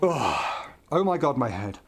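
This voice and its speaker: A man's voice: medium pitch, big pitch swings, measured pace, husky. A man talking through a horror game as he plays, joking, jumpy and swearing when something startles him. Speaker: gaming channel host. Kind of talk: horror game let's play commentary.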